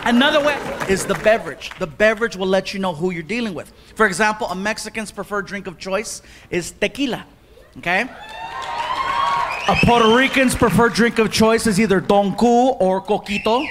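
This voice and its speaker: A man doing animated stand-up storytelling, acting out characters with loud outbursts. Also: high voice, moderate pace. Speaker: stand-up comedian. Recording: live club set with a laughing crowd and room noise. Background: audience laughter.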